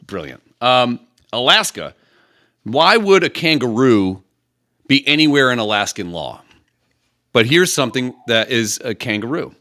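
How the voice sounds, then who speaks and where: Man, podcast co-host, bright tone, dry close sound, profane jokey banter. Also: medium pitch, big pitch swings, a little slow, no echo. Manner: profane, joking, reads out trivia questions. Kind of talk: crude comedic banter.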